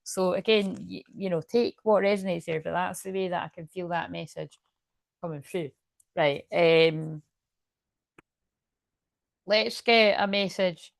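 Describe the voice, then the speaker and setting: A woman's voice: on the low side, measured pace, gravelly, long pauses, no room sound, clean studio sound. A woman doing a casual tarot card reading to camera, chatty and rambling, often interrupting herself with asides.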